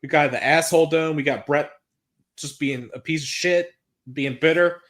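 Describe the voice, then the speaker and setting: Man, slightly high voice, casual podcast recap, excitable, swears a lot. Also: normal speed. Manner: excitable, swears freely, reads out promo quotes. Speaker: podcast co-host recapping wrestling.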